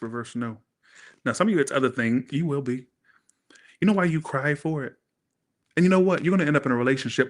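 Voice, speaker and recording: A man's voice: medium pitch, a bit bright. A man doing a casual, chatty live-stream tarot reading, thanking viewers and swearing freely. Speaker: tarot reader.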